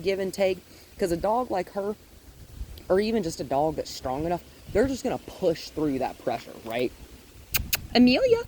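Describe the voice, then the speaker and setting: A woman dog trainer walking a dog outdoors, explaining her steps calmly and praising the dog in a high, happy voice. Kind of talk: hands-on training demonstration. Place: outdoors in a yard with trees. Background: faint wind.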